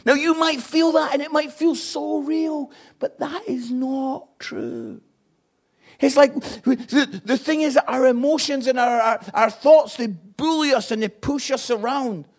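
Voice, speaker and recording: A man preaching a sermon, impassioned, swinging between hushed lines and loud ones. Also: very high voice, fairly even intonation, measured pace.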